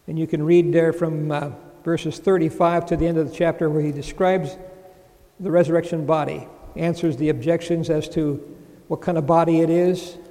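A man's voice: fairly high pitch, flat delivery, moderate pace, dark tone, big-room sound. A man teaching a sermon, reading scripture aloud and explaining it verse by verse. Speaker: Bible teacher.

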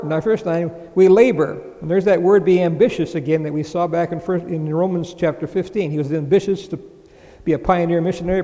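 A man's voice: sits high, mellow. Man preaching in an echoing hall. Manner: explains verse by verse, reads scripture aloud. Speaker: Bible teacher. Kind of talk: sermon.

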